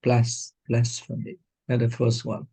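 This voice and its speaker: A woman student in a pronunciation lesson, hesitantly repeating words slowly to try them out. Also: rumbling low, monotone, warm tone, breathy edge.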